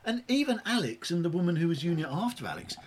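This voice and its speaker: Animated, fast-talking man. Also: high voice, a little hiss or hum. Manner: animated, chatty, swears mildly. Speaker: podcast co-host. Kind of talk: casual chat over beers.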